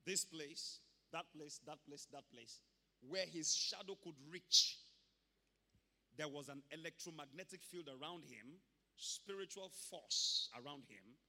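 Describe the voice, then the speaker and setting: Male preacher, sharp bright tone, hall echo. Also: fairly high pitch, unhurried, vocal fry. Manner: emphatic preaching, bursts of loud exclamation. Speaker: pastor. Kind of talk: sermon. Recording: long hall reverb.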